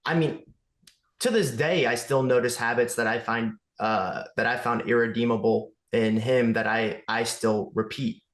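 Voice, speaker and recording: Male podcast guest, earnest and reflective, average pitch, roomy echo. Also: steady tone, normal speed. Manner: earnest, reflective, thinking aloud. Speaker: guest, movement studio owner. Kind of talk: casual conversation.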